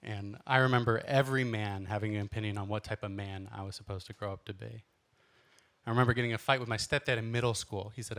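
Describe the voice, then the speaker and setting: A man's voice: lowish voice, fairly even intonation, quick pace, a bit bright. A man in his thirties from Los Angeles, a stand-up comedian telling self-deprecating stories in a theatrical way on a club stage. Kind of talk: stand-up storytelling. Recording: noisy live club recording.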